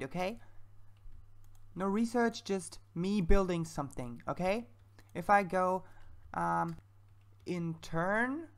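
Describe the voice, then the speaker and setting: A woman with a lowish, gravelly voice chats through her gameplay, thinking aloud as she goes. Her commentary is casual and self-mocking. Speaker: let's-play creator.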